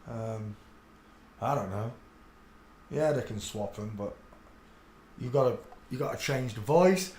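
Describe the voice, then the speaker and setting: In a reverberant room, a man hosting a solo livestream speaks at a measured pace with frequent pauses. He rambles to himself bluntly and crudely while searching images, swinging from low muttering to loud, excited outbursts.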